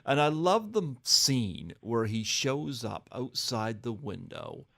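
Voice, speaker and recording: Male podcast host, eager and expressive, lively pitch, mid-range voice. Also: takes it slowly, gravelly. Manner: enthusiastic, acts out movie quotes. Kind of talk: casual interview chat.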